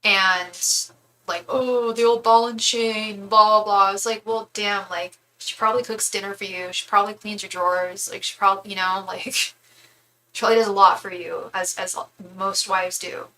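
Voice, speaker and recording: A woman's voice: mid-range voice, little pitch movement, normal speed, pushed and bright, low-quality recording. A young woman giving a casual live tarot reading, chatty and candid, thinking aloud with frequent restarts. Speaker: tarot reader.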